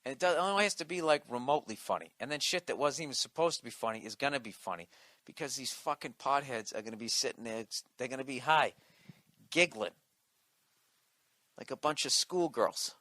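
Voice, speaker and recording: Brief: male comedian ranting hard and swearing, sharp bright tone, dry close sound. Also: medium pitch, animated, fairly quick, no echo. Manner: profane, combative ranting. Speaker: comedian podcast host. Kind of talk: comedic rant.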